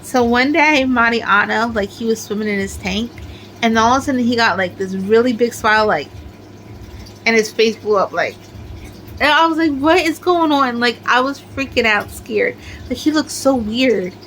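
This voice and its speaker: Brief: middle-aged woman, fairly high voice, rambling show-and-tell crafter, filler-heavy. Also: normal speed, a bit bright, slight background noise, poor audio. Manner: chatty, rambling, many "like" fillers. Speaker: crochet crafter showing her amigurumi. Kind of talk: casual show-and-tell chat.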